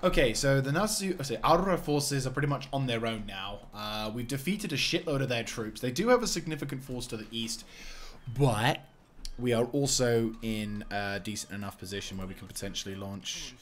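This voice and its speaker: A man plays a strategy game and casually comments as he goes, rambling, swearing, and breaking into fits of giggles in a let's-play style. His voice is mid-range at normal speed, with a little hiss or hum in the recording.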